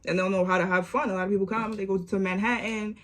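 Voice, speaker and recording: A young woman, telling a storytime vlog story with animated repeats and lots of "like". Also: mid-range voice, quick pace. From New York. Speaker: vlogger.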